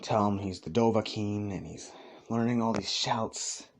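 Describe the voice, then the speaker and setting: A man's voice: fairly low pitch, unhurried, no echo. A man casually retelling a fan story, rambling with lots of "like" and "let's just say," sometimes walking around as he talks.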